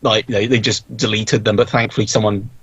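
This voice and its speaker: A young man talks on a podcast in a husky, slightly breathy voice, wandering through his memories with restarts and fillers. His recording sounds dull and lo-fi, very dry with no room around it. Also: fairly low pitch, level tone, a little fast, fairly bright tone, no echo. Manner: rambling, many restarts and fillers. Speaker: podcast guest, video creator. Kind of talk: casual podcast interview.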